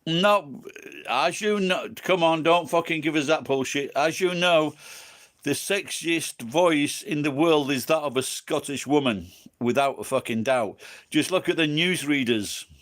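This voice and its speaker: A man's voice: on the high side, unhurried, a bit bright. An English man with an English accent, tipsy and rambling, swearing constantly as he chats with viewers on a livestream. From England. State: tipsy from drinking. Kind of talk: rambling casual chat.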